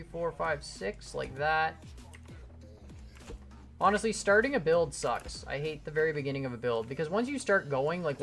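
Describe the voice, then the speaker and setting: Guy streaming a build, rambly and self-deprecating, quiet music behind him. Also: on the high side. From Canada. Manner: rambling, self-deprecating, reads chat aloud. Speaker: gaming livestreamer. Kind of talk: casual livestream chat while building.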